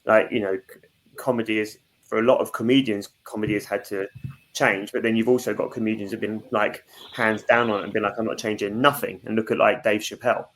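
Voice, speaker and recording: A man's voice: fairly low pitch, flat delivery, a little fast, a bit bright, a little hiss or hum. A man, a podcast co-host who reflects aloud in casual chat, stopping often with fillers. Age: 30s.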